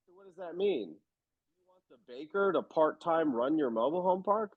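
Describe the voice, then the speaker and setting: Man, husky voice, lively swooping pitch, blunt interview guest, dull dry recording. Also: moderate pace, no echo. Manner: animated storyteller, emphatic and blunt. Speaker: real estate investor guest. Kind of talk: casual interview talk.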